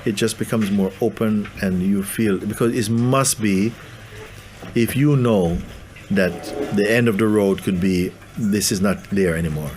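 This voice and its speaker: A man giving a spiritual talk to a gathering, gentle and playful, laughing often. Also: on the low side, unhurried, slight background noise. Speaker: spiritual teacher.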